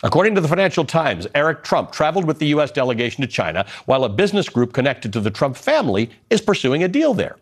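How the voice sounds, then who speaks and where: A man's voice: fairly high pitch, quick pace, few pauses. A man anchoring a cable news show, reading quoted editorials and questioning his panel. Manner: lively, quotes editorials then reacts with incredulity.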